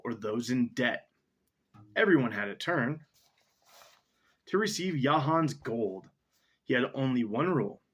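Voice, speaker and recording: A young man with a husky voice and very lively, up-and-down pitch, reading a story aloud in a loose, casual way. He breaks off often for asides and to look up words. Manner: rambling, stops for asides and dictionary look-ups.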